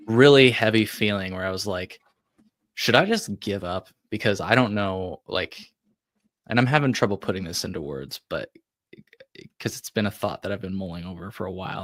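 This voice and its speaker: Speaking a little fast in a low register, a man on a podcast wanders through a personal anecdote, saying "like" constantly and often starting sentences over. The recording is dry.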